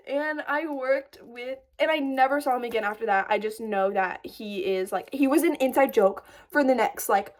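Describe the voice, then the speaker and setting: Young woman, twenties, high bright voice, breathless and animated storytime vlogger, filler-heavy. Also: moderate pace. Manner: breathless, animated, lots of "like", laughs while telling. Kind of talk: casual storytime vlog.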